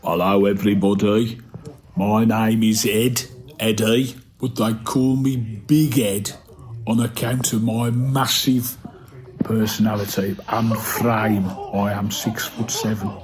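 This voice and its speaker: A large, boastful middle-aged man, as a man puts him on, announces himself proudly. He speaks slowly in a somewhat lowered voice. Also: little pitch movement. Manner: self-important, announcing himself.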